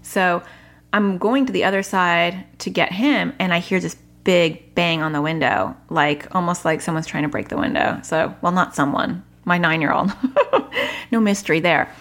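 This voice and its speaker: A woman's voice: lowish voice, moderate pace. A woman in her thirties casually telling a parenting story to her audience, acting out her children's lines and laughing often. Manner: animated, acts out her kids' voices, laughs often. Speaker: parenting vlogger.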